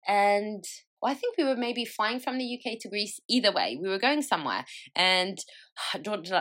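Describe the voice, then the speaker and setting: A young woman, hosting a podcast and telling travel stories in a chatty, animated way, laughing and swearing freely. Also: mid-range voice, moderate pace. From France. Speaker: podcast host. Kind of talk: casual chat.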